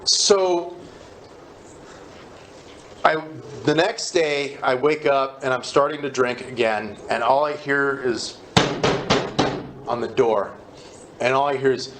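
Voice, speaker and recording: A man's voice: mid-range voice, animated, measured pace, pauses often, background noise. A man speaking at a recovery meeting, telling his own story candidly and with self-deprecating humor, acting out what people said.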